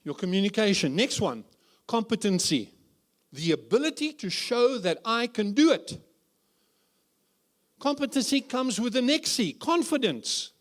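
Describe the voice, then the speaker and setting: A man with a high-pitched voice and big pitch swings speaks unhurriedly as a guest preacher at a church conference. His conference sermon is humorous and full of rhetorical questions.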